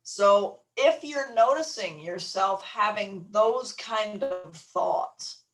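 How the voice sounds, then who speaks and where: High-voiced man chiming in. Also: slow pace, over music, low-quality recording. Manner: chiming in to add a point.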